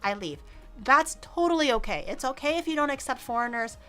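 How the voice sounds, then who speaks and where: A young woman streamer telling a story in an animated, casual way, full of "like" fillers and acting out the people in it. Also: sits high, fast talker, soft background music. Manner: frequent "like" fillers.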